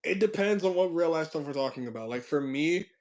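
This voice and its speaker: A young man hosting his own stream, chatting casually with a friend in a rambling, reflective way that often trails off into quieter asides. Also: fairly high pitch, animated, a little fast. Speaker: channel host.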